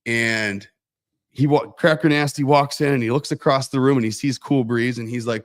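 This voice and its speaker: A man co-hosting a casual livestream with a rambling, animated storytelling manner. His voice sits in an ordinary middle pitch. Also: normal speed. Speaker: co-host.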